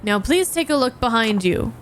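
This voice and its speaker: A courteous male secretary and bodyguard, read by a woman in a high, clear voice. He is formal and measured, with a faint hum underneath. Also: expressive, natural voice. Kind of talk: reading game dialogue aloud.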